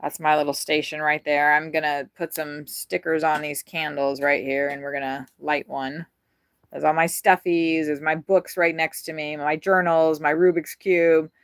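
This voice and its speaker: A woman's voice: deep voice, little pitch movement, normal speed, clean tone, no room sound, studio quality. A woman vlogger giving a rambling, frank tour of her RV, chatting casually and swearing freely. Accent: Midwestern American. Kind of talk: casual chat. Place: inside an RV.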